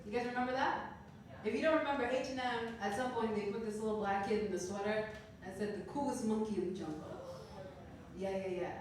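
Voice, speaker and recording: A woman's voice: medium pitch, a little fast, a little hiss or hum. A woman of thirty performing a stand-up comedy set on a club stage, playful and laughing at her own jokes. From Canada. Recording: roomy club sound from a distance.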